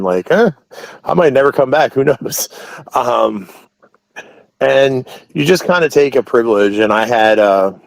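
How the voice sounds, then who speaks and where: A man with a fairly low voice tells long stories as an interview guest. He rambles, restarts sentences and fills gaps with asides. The sound is dry and close, with no room echo. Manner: rambling, many restarts and "you know" asides. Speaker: wrestling promotion owner, interview guest. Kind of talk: casual interview storytelling.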